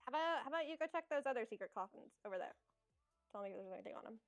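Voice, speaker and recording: A woman's voice: a little high, animated, rapid-fire, no echo, soft background music. Woman d&d player, curious and direct, dry close sound. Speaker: tabletop game player. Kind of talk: casual in-character play.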